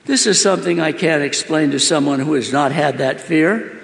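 A man's voice: a little high, normal speed, gravelly, a bit bright. A man giving an emotional first-person testimony, earnest and pleading as he asks many questions. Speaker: storyteller. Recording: roomy hall with long reverb.

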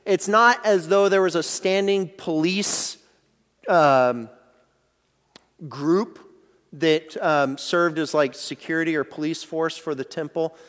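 High-voiced man preaching in a reverberant hall. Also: takes it slowly, a bit bright. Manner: explanatory, conversational teaching with many restarts. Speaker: pastor. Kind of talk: sermon.

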